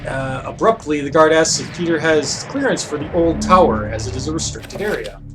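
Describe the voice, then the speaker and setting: A man's voice: on the high side, animated, brisk. A man hosting a let's play, reading game text aloud and making wry, joking asides. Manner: wry, joking asides between read-outs. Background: game music.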